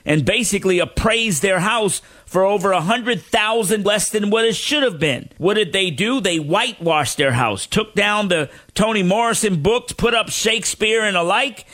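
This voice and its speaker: A man's voice: high-pitched, animated, moderate pace, few pauses, fairly bright tone. A man hosting a radio talk show, telling stories in playful, teasing banter.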